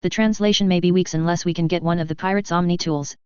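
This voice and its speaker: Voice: mid-range voice, steady tone, fast, darkish tone, clear, resonant tone, dry recording, dull audio, close to an everyday voice. A narrator voicing a small, practical female alien in a suit who explains things plainly. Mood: matter-of-fact. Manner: plain, matter-of-fact, explaining.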